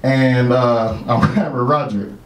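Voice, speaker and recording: A stand-up comedian speaks a little slowly in a mid-range voice, telling a swear-heavy story and laughing at his own jokes, recorded in an echoey room with a crowd.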